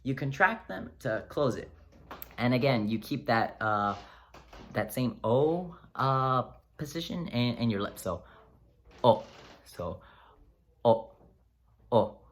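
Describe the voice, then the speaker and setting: A man teaching pronunciation in a casual video lesson, relaxed and encouraging, joking often and using plenty of fillers. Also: medium pitch, a little slow. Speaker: language teacher. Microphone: close-up camera.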